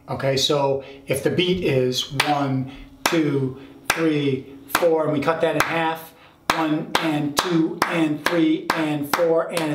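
A man's voice: fairly high pitch, roomy sound. A man teaching drums, explaining a fill and counting the rhythms aloud, checking in with the listener as he goes. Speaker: drum teacher. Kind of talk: instructional explanation.

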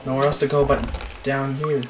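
A man's voice: mid-range voice, level tone, normal speed, background noise. A man giving casual gameplay commentary as a let's play host, with crude joking asides. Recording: roomy echo.

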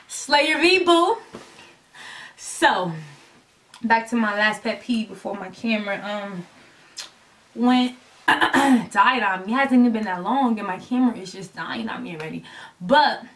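Chatty woman vlogger, higher voice. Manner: animated, emphatic and blunt, with swearing; rambling and chatty, losing her train of thought. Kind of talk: casual talk to camera. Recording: voice a little distant from the mic.

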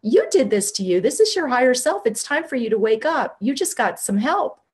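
A woman voicing a calm, wise female friend who reassures her in a raised, lighter voice. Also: fairly high pitch, normal speed, husky, voice pushed up, heavily acted. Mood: reassuring. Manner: reassuring, matter-of-fact.

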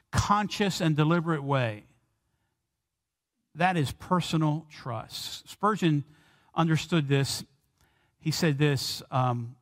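A man preaching a sermon in a church sanctuary. He talks in earnest, and his voice slows and climbs when he quotes a prayer. The pitch sits a touch high, and a long hall reverb trails each phrase. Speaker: pastor.

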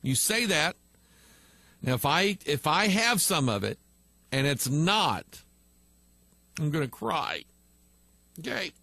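A man's voice: a little high, big pitch swings, takes it slowly, gravelly, pauses often, bright, forceful tone, dry recording. Blunt, emphatic male pastor. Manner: blunt, emphatic, reads viewer messages aloud and answers them. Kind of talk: live online teaching answering viewer comments.

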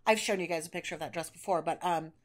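A woman's voice: fairly low pitch, fast talker. A woman co-hosting a podcast in casual chat, enthusiastic and full of fillers and restarts. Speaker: podcast co-host.

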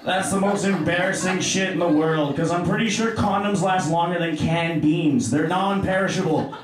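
A man's voice: high voice, normal speed, very echoey, distant mic, background noise. A young man performing a stand-up set on stage in a self-deprecating, offhand storytelling manner. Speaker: stand-up comedian. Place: comedy club stage.

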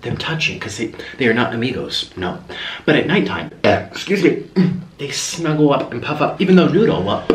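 In an expressive mid-range voice at a moderate pace, a young mukbang host chats casually and rambles between bites at home. There's slight background noise and a roomy echo on the recording.

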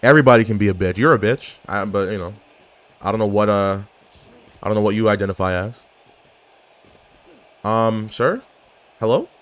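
A man's voice: on the low side, normal speed, pauses often. A man giving casual gameplay commentary, joking and trash-talking opponents. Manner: trash-talking, jokey, excitable outbursts. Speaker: gaming YouTuber.

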